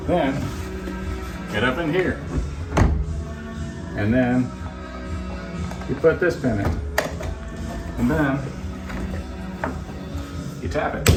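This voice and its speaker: A man hosting a home renovation vlog, demonstrating fixes in a deadpan, joking way. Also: medium pitch. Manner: deadpan jokey, puns and mock anger. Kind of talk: joking DIY how-to vlog. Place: house under renovation, indoors. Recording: echoey bare room, faint noise.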